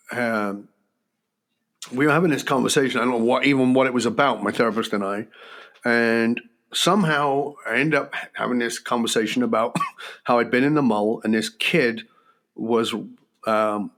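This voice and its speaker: A man's voice: mid-range voice, fairly bright tone. A man being interviewed as a guest, telling a personal story in an earnest, reflective teaching tone. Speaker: guest, leadership coach.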